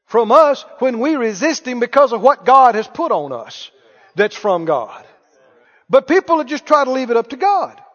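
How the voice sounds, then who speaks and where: A man's voice: extremely high pitch, very animated, normal speed, a bit bright. A man preaching a sermon, emphatic, firing questions at the congregation. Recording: muffled hall recording with long reverb.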